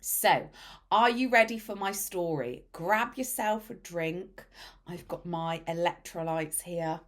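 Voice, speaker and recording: A woman hosting a mindset podcast, telling a story in a casual monologue with dramatic hushed asides. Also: lowish voice, takes it slowly. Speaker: podcast host and mindset coach.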